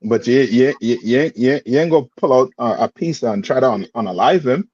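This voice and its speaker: A man's voice: mid-range voice, lively intonation, brisk, darkish tone, breathy edge, dry recording. Guy leading a bible class, keeps checking you understand, muffled lo-fi, dry. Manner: plain street-talk phrasing. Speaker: class teacher. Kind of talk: scripture class teaching. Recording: dull lo-fi sound.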